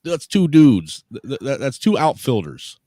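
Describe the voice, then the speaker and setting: A man's voice: mid-range voice, big pitch swings, unhurried, mellow, dry recording, clean studio sound. A man co-hosting a casual reaction chat, joking and teasing in a mock-formal way. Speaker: co-host.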